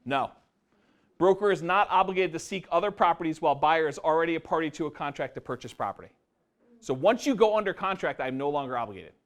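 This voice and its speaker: Lively, high-voiced man teaching a seminar. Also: fast talker. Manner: animated, quizzes the audience with questions. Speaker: real estate investing presenter. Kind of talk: live seminar lecture. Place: meeting room before a live audience.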